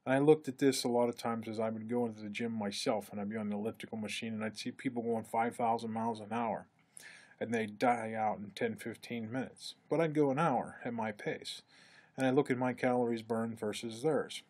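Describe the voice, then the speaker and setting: A man lecturing in a relaxed, conversational way, acting out quoted remarks with a lifted voice. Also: brisk. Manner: conversational, acts out quoted speech with lifted pitch. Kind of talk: recorded lecture.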